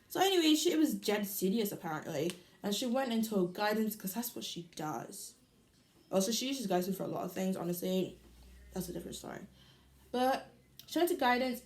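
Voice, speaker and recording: Teen girl vlogger, loud and animated, casual storytime chat. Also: mid-range voice. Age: teens.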